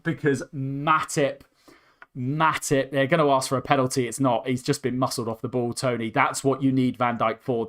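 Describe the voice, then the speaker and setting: A young man hosting a live football watchalong, commentating with rising excitement as his voice starts to go hoarse. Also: medium pitch, normal speed. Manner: excitable, voice climbs sharply with the action. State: voice going hoarse. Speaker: host.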